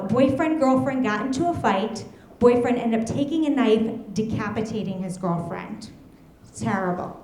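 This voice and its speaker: A woman's voice: mid-range voice, darkish tone, echoey room. A woman in her thirties performing a stand-up set, telling chatty stories and giggling at her own jokes on a comedy club stage.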